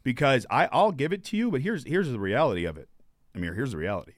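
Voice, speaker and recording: A man's voice: medium pitch, quick pace, dry recording, clean studio sound. A man hosting a podcast who talks in emphatic, repeating runs. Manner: animated, emphatic repetition. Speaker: podcast host. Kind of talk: casual podcast talk.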